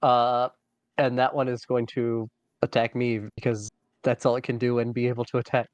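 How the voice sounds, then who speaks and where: A man's voice: medium pitch, little pitch movement, normal speed, clear, resonant tone, no room sound. A man acting as game master, reading dice results and enemy moves in a matter-of-fact way over an online call. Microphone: online call microphone.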